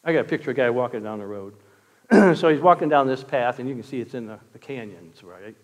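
A man preaching a sermon as pastor, impassioned, swinging from loud exclamations to hushed tones. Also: mid-range voice, lively intonation, fast talker. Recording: long reverb of a church hall.

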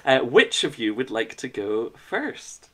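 A man's voice: mid-range voice, measured pace. A man hosting a casual podcast quiz round, playful and chatty. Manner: playful, animated quizmaster. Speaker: quiz host.

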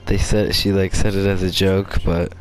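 A man's voice: deep voice, little pitch movement, normal speed, faint music behind. Goofy, rambling young gamer guy. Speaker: let's play gamer. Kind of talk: casual gameplay commentary.

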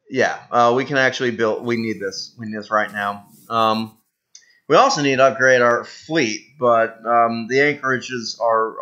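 A man's voice: medium pitch, sharp tone, highs cut off. A man giving casual, rambling commentary on a strategy game, self-mocking, with lots of fillers. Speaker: gaming video host.

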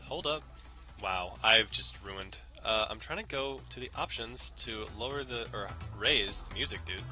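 A man's voice: fairly low pitch, a little slow, sharp tone. A young man casually commenting on his gameplay in a rambling, jokey way, swearing often. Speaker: let's play host. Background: faint game music.

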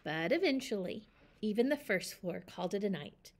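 A woman reading a children's picture book aloud with a lively, expressive delivery. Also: medium pitch, normal speed. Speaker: storyteller. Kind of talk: children's story read-aloud.

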